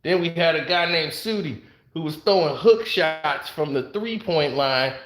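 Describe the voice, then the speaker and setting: High-voiced man telling animated stories. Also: a little slow. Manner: animated, laughs often, acts out other people's lines. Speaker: host. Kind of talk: casual storytelling to camera. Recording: roomy echo.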